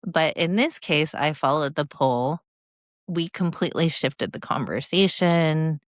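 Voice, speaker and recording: A woman's voice: low voice, animated, a little slow, dry recording, studio quality. A woman in her forties, a guest speaker and coach, telling stories in a reflective, coaching tone during a podcast interview.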